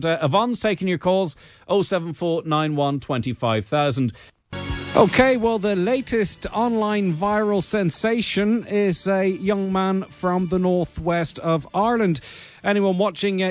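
A man's voice: high voice, no echo. A man hosting a weekend radio chat show in a studio, talking conversationally with plenty of fillers. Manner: conversational, filler-heavy presenting. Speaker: radio host.

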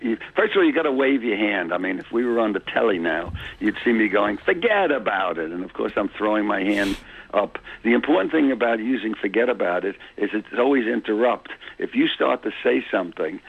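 A man's voice: fairly low pitch, a little fast, vocal fry, slightly rough. A man with a New York accent, a cab driver calling in to a radio show, chatty and boastful about his city. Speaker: phone-in guest, cab driver. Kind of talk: phone-in radio chat. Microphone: telephone. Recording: tinny phone line.

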